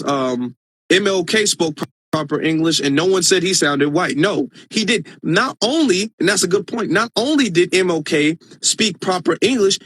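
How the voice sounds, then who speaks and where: A man with a notably high voice hosts a casual live stream into a phone. He talks earnestly and with emphasis, restarting sentences as he goes. The sound is dry and close. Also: a bit bright, dry recording. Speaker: live-stream host reading viewer comments.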